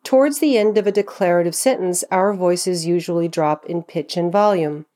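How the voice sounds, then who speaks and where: A woman giving a scripted pronunciation lesson, slowing down to model words clearly. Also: lowish voice, mellow. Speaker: pronunciation teacher. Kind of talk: scripted instructional narration.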